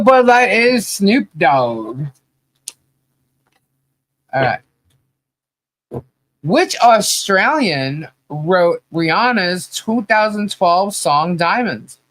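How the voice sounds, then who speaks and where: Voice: medium pitch, fairly bright tone, dry recording. Dry-sounding chatty podcast host. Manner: chatty, rambling, laughs often. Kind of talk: casual trivia chat with live viewers.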